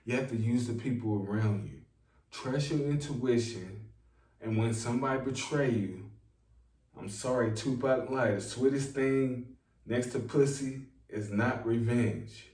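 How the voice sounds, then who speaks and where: Slow-drawling man lecturing viewers. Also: medium pitch, a little mellow, distant mic. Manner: drawling, preachy, repeats himself for emphasis. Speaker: online self-help talker. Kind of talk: slow rambling monologue to viewers. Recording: echoey room, voice set back from the mic.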